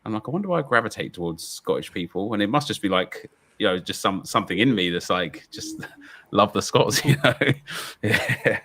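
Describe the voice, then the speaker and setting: A man's voice: fairly low pitch, animated, fairly quick, bright, forceful tone. A man chatting casually on a livestream, laid-back with lots of fillers and easy laughter. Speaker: co-streamer.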